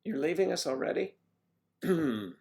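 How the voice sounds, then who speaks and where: A man's voice: fairly low pitch, expressive, a little slow, vocal fry. A man hosting a casual livestream, rambling and chatting with viewers by name as he reads the chat. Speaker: livestream host reading chat.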